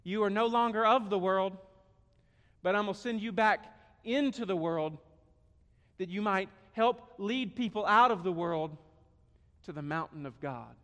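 A man voicing God, calm and firm. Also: sits high, a little slow, long pauses. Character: calm, patient God speaking to Moses. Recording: echoey hall.

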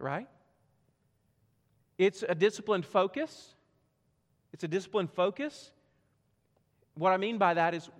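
A man pastor preaching a sermon to a church congregation, emphatic and swinging from loud to hushed. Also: high-pitched. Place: church sanctuary. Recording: long reverb of a church hall.

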